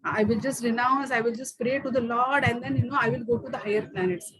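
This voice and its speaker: A woman with an Indian accent, speaking fast in a high, steady, a bit bright and husky voice, teaches an online scripture course over a low-quality recording. She weaves in storytelling, leans on plenty of fillers and shifts between English and Hindi.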